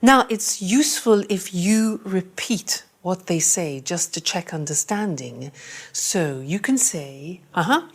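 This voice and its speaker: Brief: woman language teacher, unhurried delivery, models and repeats phrases clearly for students. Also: on the low side, lively intonation. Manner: slow, deliberate, repeats phrases for learners. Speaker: English teacher. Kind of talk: language lesson presentation.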